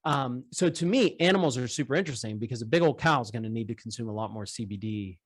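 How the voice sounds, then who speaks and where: A man speaks at a middle pitch as a podcast guest, energetic and self-deprecating. He talks in quick bursts and keeps the tone casual throughout. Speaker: startup founder, guest. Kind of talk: casual interview chat.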